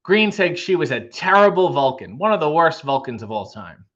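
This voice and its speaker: A man's voice: on the high side, sing-song, moderate pace, a bit bright, lo-fi sound. A Canadian man hosting a livestream from home, reading viewer comments with dry, joking asides. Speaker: livestream host. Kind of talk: casual chat reading comments.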